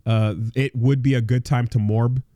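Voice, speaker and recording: A man's voice: medium pitch, fairly even intonation, normal speed, warm tone, dry recording. Rambling, profane man on a dry mic. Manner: rambling, profane, many fillers and restarts. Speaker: podcast co-host. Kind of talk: casual podcast chat.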